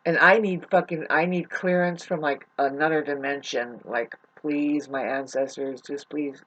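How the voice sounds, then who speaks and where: A woman's voice: deep voice, fairly even intonation, measured pace, a bit bright, lo-fi sound. A woman venting in an unscripted vlog, upset and close to tears, rambling, swearing and often restarting her sentences. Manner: rambling, profane, loops back and restarts often. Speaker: vlogger. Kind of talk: unscripted emotional vlog monologue.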